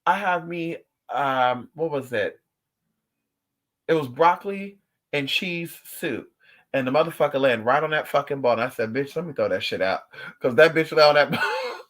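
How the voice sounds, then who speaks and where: Guy on a casual livestream, kinda high voice, swearing a lot and chatting to viewers like friends. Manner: animated, profane storytelling with playful asides to viewers. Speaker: vlogger talking to viewers.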